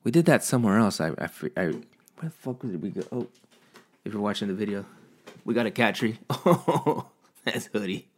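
A man casually vlogging from home, a profane, animated storyteller who rants about his day. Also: fairly low pitch, a little fast. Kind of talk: casual rambling monologue.

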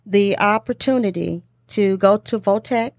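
A woman's voice: mid-range voice, unhurried, dry recording. Woman, talk show host, chatty, encouraging, laughs often, dry close mic. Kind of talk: casual talk show chat.

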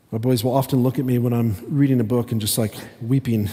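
A man giving a conversational sermon as a pastor, talking haltingly with many restarts. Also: mid-range voice, fairly even intonation, warm tone. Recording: long hall reverb.

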